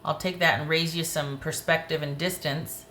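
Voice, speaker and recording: A woman giving a casual tarot reading to camera, animated and opinionated, speaking straight to the viewer. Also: sits low, normal speed, a little hiss or hum. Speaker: tarot reader.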